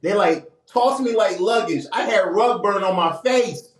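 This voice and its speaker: A man, casually telling a long funny story on a podcast, acting out the people he quotes. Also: measured pace. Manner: lively, acts out quoted voices with big pitch jumps. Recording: echoey room with faint noise.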